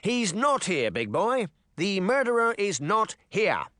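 A man voicing a smug, smooth-talking adult prince in an audiobook, assured and commanding. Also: high voice, sing-song, moderate pace, a bit bright, no room sound, clean studio sound, voice pushed up. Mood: defiant. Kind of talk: audiobook character voice.

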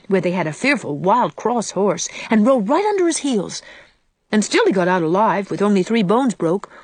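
A woman's voice: medium pitch, no room sound. A woman reading aloud, voicing a sulky, defiant eight-year-old farm boy who talks bluntly. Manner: whiny, blunt country talk.

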